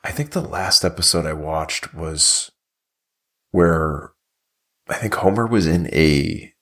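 A man's voice: very deep voice, slow pace, sharp tone. A man co-hosting a podcast, rambling casually with lots of fillers. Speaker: podcast co-host. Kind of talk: casual chat.

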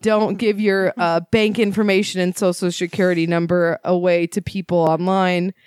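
A young woman casually telling a story on a podcast, animated, swearing and laughing as she goes. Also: fairly low pitch, normal speed, smooth, no echo, clean studio sound.

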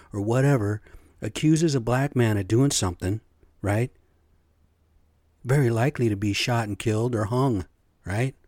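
A middle-aged man delivers a blunt, profanity-laced rant, pressing his points with repeated "right?" and "okay?". His voice is dark and mellow, at an ordinary pitch for a man. The sound is dry and close, with no room around it. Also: no room sound. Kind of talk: impassioned personal rant.

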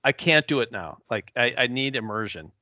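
A man's voice: medium pitch, expressive, normal speed, pushed and bright, no echo, lo-fi sound. A man hosting a podcast from home over an internet call, chatting casually and correcting himself often, tired after a flight. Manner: rambling, self-correcting. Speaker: podcast host. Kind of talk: casual chat. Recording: remote call.

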